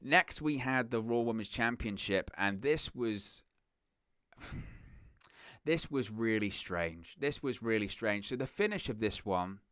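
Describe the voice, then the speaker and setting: A man's voice: lowish voice, expressive, slow pace, a bit bright, smooth, no room sound, clean studio sound. A man hosting a solo reaction talk, ranting in an exasperated, sarcastic way and repeating his points. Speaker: wrestling reaction host. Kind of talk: solo commentary vlog.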